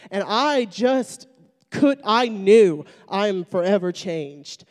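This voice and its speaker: A woman's voice: on the high side, a little mellow. A young woman sharing a personal faith testimony, telling it as a chatty story full of fillers. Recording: long hall reverb.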